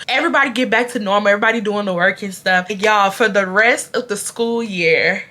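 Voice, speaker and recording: A woman in her twenties from Houston, Texas, telling an animated, blunt storytime on her vlog. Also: mid-range voice, fairly quick, few pauses. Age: 20s. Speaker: vlogger.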